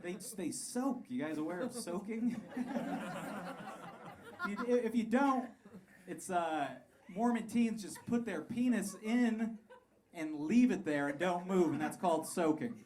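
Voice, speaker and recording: A man in his thirties doing a crude, animated stand-up set on a comedy club stage, laughing through his punchlines. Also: high-pitched, a little slow. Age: 30s. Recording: live club recording, crowd and room noise.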